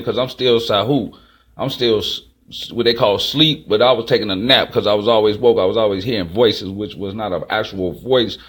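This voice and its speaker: A man telling a raw, profane life story in a casual monologue. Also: fairly low pitch. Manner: raw, profane street talk. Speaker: host.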